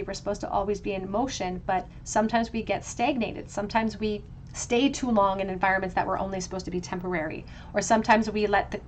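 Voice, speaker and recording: Through slight background noise, a woman's medium-pitched voice delivers a pick-a-card tarot reading. She speaks reflectively and fluidly, often starting her phrases over.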